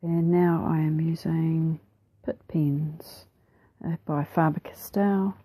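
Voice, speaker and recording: A woman with a New Zealand accent narrating her craft process over a time-lapse, soft-spoken and relaxed, often slipping into a whisper, a little self-deprecating. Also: low voice, takes it slowly, husky, no room sound, rough recording. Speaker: mixed media artist.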